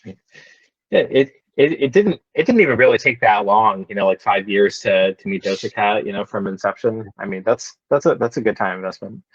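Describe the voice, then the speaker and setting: A man's voice: lowish voice, animated, slightly rough, no room sound. A man hosting a live Q&A over a call, stumbling over words and teasing the guests. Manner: halting, repeats words, dry teasing. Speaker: host. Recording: dull dry lo-fi call audio.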